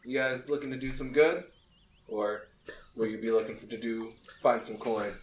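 A man's voice: mid-range voice, normal speed, a little hiss or hum. A man speaking as a player in a tabletop game, polite and easygoing in character. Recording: echoey room with faint music.

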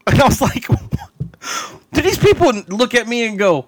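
Bright-voiced man telling a rambling story. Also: sits high, sing-song, normal speed, dry recording. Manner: rambling storyteller who acts out loud quoted voices and laughs often. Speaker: podcast co-host. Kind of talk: casual storytelling chat.

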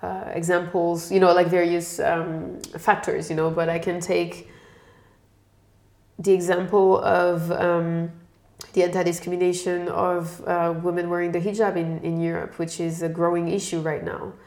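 A woman's voice: fairly low pitch, level tone, moderate pace, a little mellow. A woman from France, answering interview questions in a thoughtful, explanatory way. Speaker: guest expert. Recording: echoey room.

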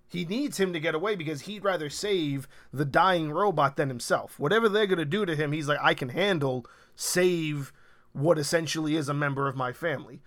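A man casually retelling a TV scene, rambling and excited, swearing now and then. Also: a little high. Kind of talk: casual recap of a TV show.

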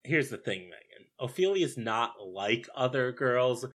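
A man reviewing a film in a casual chat, unhurried and deliberate in his pacing. His delivery is dry and scornful, with little fuss in his voice. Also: medium pitch, animated, a bit bright. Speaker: podcast co-host.

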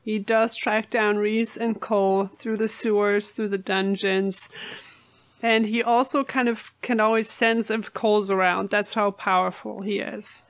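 A woman's voice: medium pitch, fairly even intonation, unhurried. A woman co-hosting a casual book chat, retelling the plot and laughing often. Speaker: podcast co-host.

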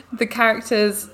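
A woman's voice: fairly high pitch, bright, forceful tone, husky. A woman co-hosting a podcast, chatting casually and enthusiastically about a book, with lots of filler words. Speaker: podcast co-host. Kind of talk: casual book club chat.

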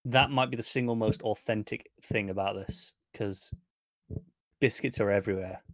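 A man's voice: on the low side, fairly even intonation, fairly bright tone, no echo. Thoughtful British man, dry close mic. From United Kingdom. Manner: measured, thoughtful, agreeable. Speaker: podcast co-host. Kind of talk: casual chat.

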